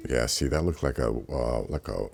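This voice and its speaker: A man's voice: a bass voice, normal speed, creaky, darkish tone, slightly rough. A man hosting his own video channel, talking casually over clips in a rambling way, with many fillers and restarts. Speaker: channel host.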